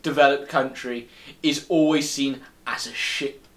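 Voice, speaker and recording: A young British man in casual film chat with friends, animated, laughing often and restarting his sentences. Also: mid-range voice, unhurried.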